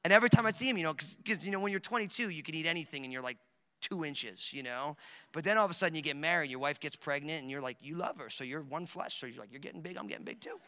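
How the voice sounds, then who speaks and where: High, bright-voiced preacher in an echoing hall. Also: male voice, quick pace, clean tone. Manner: animated, joking storytelling with many fillers. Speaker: pastor. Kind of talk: sermon. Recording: echoey hall recording.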